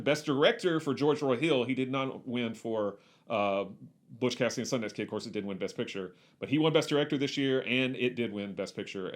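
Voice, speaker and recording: A man co-hosting a movie podcast, talking casually and enthusiastically, rattling off trivia with lots of "uh" fillers. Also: mid-range voice. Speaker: podcast co-host.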